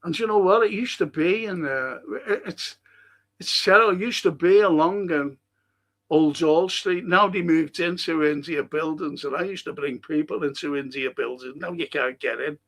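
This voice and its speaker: A Liverpool man with a gravelly edge and a fairly high voice rambles through stories and viewer comments. He swears freely, laughs at his own tales, and talks in a loose, casual stream-host way. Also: normal speed, fairly bright tone. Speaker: host of a fan live stream.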